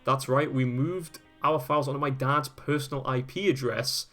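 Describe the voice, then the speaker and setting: A man's voice: medium pitch, fairly even intonation, normal speed, pushed and bright, faint music behind. A man hosting a video, reading old web pages aloud and chatting about them with casual amusement, often laughing and swearing. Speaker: host.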